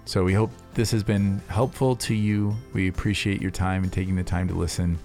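A man's voice: deep voice, little pitch movement, fairly quick, warm tone, soft background music. A man co-hosting a church podcast, talking earnestly with frequent fillers and restarts. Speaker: pastor co-host.

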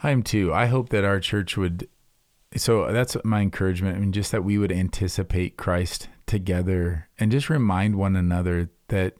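A man's voice: deep voice, moderate pace, darkish tone, no room sound, studio quality. A man co-hosting a church podcast, talking earnestly with frequent fillers and restarts. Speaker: pastor co-host.

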